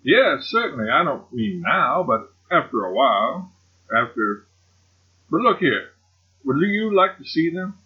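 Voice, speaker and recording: A man reading an audiobook, voicing a boastful, effusive elderly colonel in a pitched-up, emphatic manner on a slightly muffled recording. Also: sing-song, unhurried, bright, forceful tone, slightly rough, full character voice. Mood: eager.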